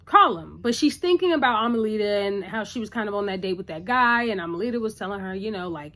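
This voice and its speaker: A woman's voice: medium pitch, expressive, fast, bright, forceful tone. A woman recapping a TV episode in a casual, chatty, opinionated way, full of "like" and "you know".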